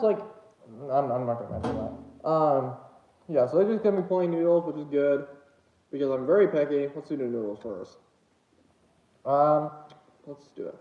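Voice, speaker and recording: Casual livestreamer, male, lively up-and-down delivery, winded and hesitant, echoey lo-fi home room. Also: a little high. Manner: rambling, hesitant, many fillers. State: out of breath. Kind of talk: casual eating livestream chat. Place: home room with dogs nearby. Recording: echoey room, dull lo-fi sound.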